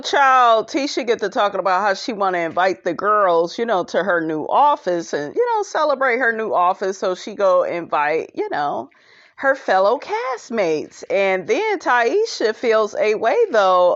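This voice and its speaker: A woman hosts a casual podcast recap, sassy and gossipy, and speaks right to her audience. Her pitch swings widely as she talks, and her delivery is slow and drawn out. The sound is dull and lo-fi. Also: sing-song, fairly bright tone. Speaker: podcast host. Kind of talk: casual reality show recap.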